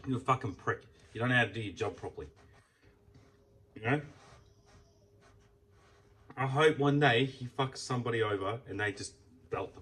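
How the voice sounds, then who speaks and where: A man's voice: mid-range voice, fairly bright tone, far from the mic. A young Australian man ranting in a casual vlog, heated and swearing a lot. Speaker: vlogger. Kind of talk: casual venting rant.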